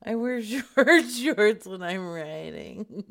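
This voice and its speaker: Slow, bright-voiced giggly woman. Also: medium pitch, animated, creaky. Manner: giggly, playful. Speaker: podcast co-host. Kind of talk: casual comedic banter.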